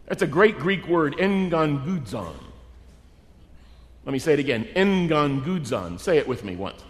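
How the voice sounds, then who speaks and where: A middle-aged man delivering a sermon with a high, lively voice that swoops around as he acts out the people in his story. His voice rings out with the long reverb of a large hall. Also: a little slow. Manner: animated, acts out characters in the story. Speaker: preacher.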